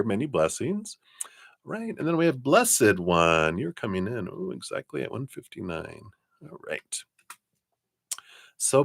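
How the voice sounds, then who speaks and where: A man giving casual live tarot readings in a laid-back, chatty way, laughing often and letting sentences trail off. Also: fairly low pitch. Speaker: tarot reader.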